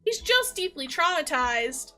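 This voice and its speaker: A woman livestreamer chats casually, retelling a game story in an animated, rambling way packed with filler words. Her voice sits very high and sounds bright and forceful. Faint music plays behind her. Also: unhurried. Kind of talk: casual chat recapping a game.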